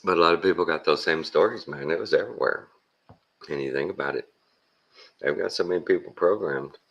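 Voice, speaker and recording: Blunt, plainspoken Texan man, very low and creaky, casual monologue. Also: brisk, fairly bright tone, muffled recording. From Texas. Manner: blunt and plainspoken, with folksy slang. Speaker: vlogger.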